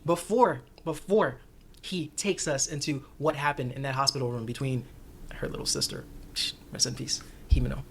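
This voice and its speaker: A man talking casually as a recurring guest on an anime discussion show, animated and joking, laughing often. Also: mid-range voice, a little hiss or hum.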